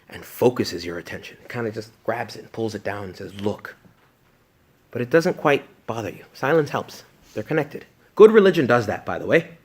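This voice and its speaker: A man, a priest, giving a retreat talk to young adults, joking and animated one moment and hushed the next. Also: medium pitch.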